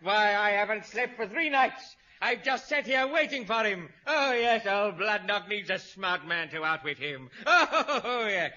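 An actor playing a blustering, cowardly old army major who splutters and rants, in 1950s radio comedy style. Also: male voice, sits high, expressive, unhurried, hardly any pauses, bright, forceful tone, full character voice. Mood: boastful. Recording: old lo-fi radio recording with live audience.

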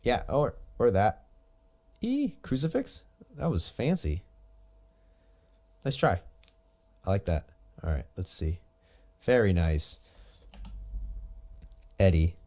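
Low-voiced man coaching jiu-jitsu footage. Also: slow pace, long pauses. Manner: animated, coaching, chatty asides. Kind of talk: casual video commentary.

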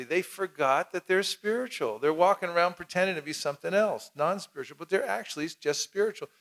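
Male seminar leader, slightly high voice, lively, acts out exchanges, coaxes the audience to repeat. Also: a little fast, hardly any pauses. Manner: animated, acts out little dialogues, leads the crowd in repeating. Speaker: seminar teacher. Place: cultural center hall with audience.

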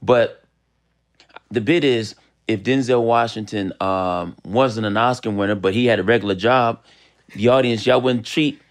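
A man's voice: on the low side, moderate pace. Rambling man from Los Angeles. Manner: rambling storyteller with restarts. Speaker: actor guest. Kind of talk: casual interview chat.

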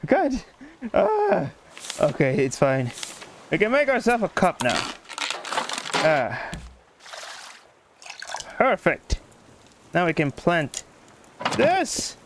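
Man, gamer commentary, jokey put-on Irish lilt, swearing, very animated swings, noisy game sounds behind. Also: a little high, slow pace, long pauses. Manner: excitable, swearing, yelling at the game. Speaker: gaming YouTuber. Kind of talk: let's play commentary.

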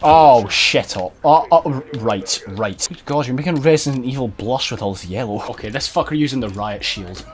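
A man's voice: mid-range voice, lively intonation, normal speed, hardly any pauses. A man giving sarcastic, sweary let's-play commentary over a video game. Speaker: gaming commentator.

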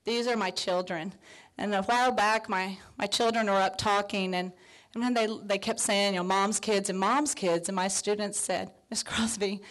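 A woman in her fifties giving a heartfelt, near-tearful award acceptance speech, full of thanks, fillers and soft laughs. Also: mid-range voice. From Texas. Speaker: award honoree.

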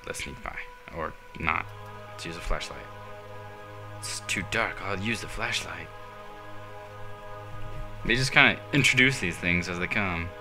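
A man casually commenting on a horror game as he plays, muttering asides and breaking into sudden loud yelps. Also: sits low, unhurried, pauses often, over music. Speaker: let's play commentator.

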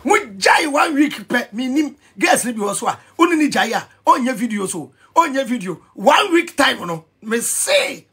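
A Ghanaian man ranting in an animated vlog commentary, excitable and mixing pidgin with Twi. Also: very high-pitched, moderate pace, hardly any pauses, breathy edge. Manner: excitable, switching between pidgin and Twi, shouting and laughing. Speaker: vlogger.

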